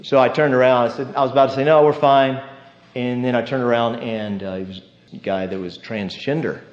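A male pastor preaches in an easy, conversational style, telling stories and checking in with his listeners. His voice sits at an ordinary pitch for a man. The recording sounds somewhat muffled and lo-fi. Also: fairly even intonation, fast talker. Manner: conversational, storytelling with tag questions. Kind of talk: sermon.

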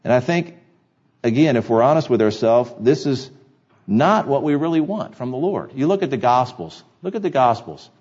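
A man's voice: mid-range voice, big pitch swings, normal speed, a little mellow, husky, dull audio. A man preaching a sermon to his congregation, earnest and repeating key phrases for emphasis. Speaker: pastor. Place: church sanctuary.

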